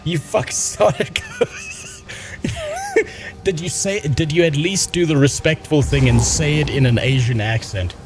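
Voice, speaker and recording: A man's voice: fairly high pitch, huge pitch swings, takes it slowly. Blunt, profane young man streaming a game. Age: young adult. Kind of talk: casual gaming stream chat. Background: game music.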